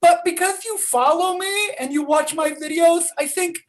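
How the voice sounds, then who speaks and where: A man playing a brash, insulting comedy host who roasts his guests in a high, mocking voice. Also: normal speed. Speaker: comedy show character. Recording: noisy background.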